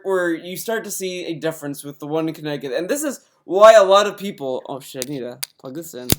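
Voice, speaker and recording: A man giving casual reaction commentary on clips he plays, rambling and restarting his sentences. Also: on the high side. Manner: rambling, many restarts and fillers. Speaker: commentary youtuber.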